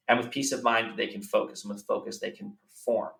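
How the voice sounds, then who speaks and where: A man's voice: medium pitch, brisk, vocal fry, few pauses, a bit bright. A man giving earnest business advice in a podcast interview, repeating key phrases for emphasis. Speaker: business coach guest. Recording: roomy, slightly distant mic.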